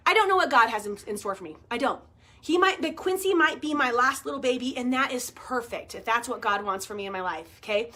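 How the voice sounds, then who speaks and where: A woman in her forties chatting to her viewers, telling a story in an animated way, laughing and swearing casually. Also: a little high, a little fast. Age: 40s. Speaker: vlogger. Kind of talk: casual chat to camera.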